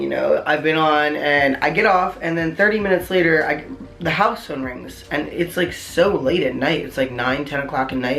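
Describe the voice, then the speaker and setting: Rambling young man in an echoey room. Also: on the high side. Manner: rambling, heavy on "like", excitable retelling. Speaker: vlogger. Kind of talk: casual storytime vlog.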